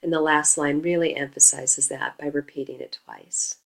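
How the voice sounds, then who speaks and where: A woman teacher slowly explaining the meter of a poem in a recorded lecture, stressing the beats as she scans. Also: low voice, fairly even intonation, gravelly, rough recording. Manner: slow, deliberate explaining, stresses beats when scanning verse.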